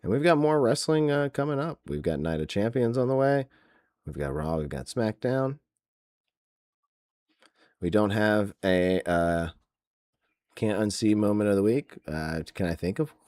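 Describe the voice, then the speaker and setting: A man's voice: lowish voice, animated, unhurried, pauses often, a little mellow, dry recording, clean studio sound. A man hosting a wrestling podcast, ranting sarcastically in casual chat with many fillers. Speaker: podcast host.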